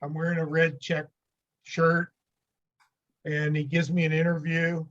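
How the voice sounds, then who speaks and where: A man's voice: on the high side, completely flat delivery, a little slow, dull audio. An older man from the United States, a podcast guest, telling rambling anecdotes with chuckles in a casual interview.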